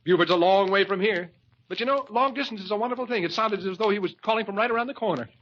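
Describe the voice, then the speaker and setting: An actor playing a nervous, scheming young ladies' man in an old radio comedy, stammering and cracking wise. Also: high voice. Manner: nervous stammering, quick wisecracks. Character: flustered, scheming young man who is a self-styled ladies' man. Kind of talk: 1940s radio acting. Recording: dull old radio broadcast.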